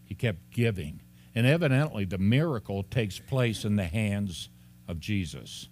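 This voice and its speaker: A man preaching an expository sermon as a pastor. He talks in an animated way, laughs often and acts out the lines of the people in the story. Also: fairly low pitch, a little slow.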